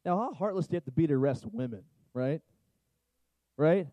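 A man's voice: a little high, animated, a little fast, dry recording, highs cut off. A middle-aged man preaching a sermon, talking conversationally and asking the congregation questions. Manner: conversational, asks the crowd questions. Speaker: pastor.

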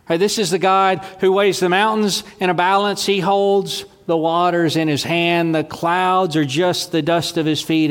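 A man preaches in a church sanctuary, his fairly high voice carried by a long hall reverb. He moves between ringing proclamation and hushed, near-whispered lines. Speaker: pastor. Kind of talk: sermon.

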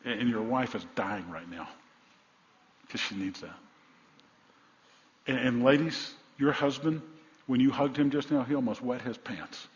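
A man in his sixties, a pastor preaching a sermon in a church, blunt and folksy, swinging between loud exhortations and quiet asides. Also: medium pitch, a little slow, pauses often, a little hiss or hum. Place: church sanctuary. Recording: echoey hall, slightly dull sound.

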